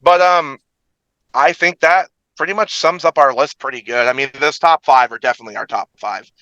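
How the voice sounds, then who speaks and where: A man co-hosting a podcast in casual chat, animated and giggly and quick to joke. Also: on the high side, no room sound, dull audio. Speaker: podcast co-host.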